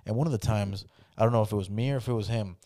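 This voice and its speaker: A man's voice: on the low side, very fast, dark tone, dry recording, studio quality. A young man hosting a casual podcast, telling stories in a loose, profane way. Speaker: podcast host. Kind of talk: casual chat.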